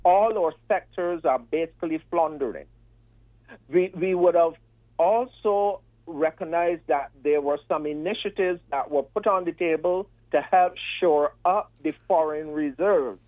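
A man, calling in to a radio talk show and laying out his questions in a measured, methodical way. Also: a little high, no room sound. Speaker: radio caller. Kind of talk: call-in radio discussion. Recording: tinny phone line.

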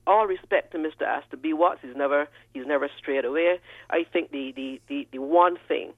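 A man with a Barbadian accent calling in to a radio talk show, animated and often repeating words. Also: a little high, moderate pace, no room sound. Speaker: caller. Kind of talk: call-in radio commentary. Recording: dry tinny phone line.

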